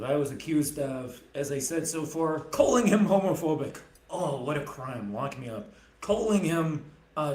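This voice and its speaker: A man streaming live and ranting angrily about a court case, profane, heated and sarcastic. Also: a little high. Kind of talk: angry livestream rant. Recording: echoey room.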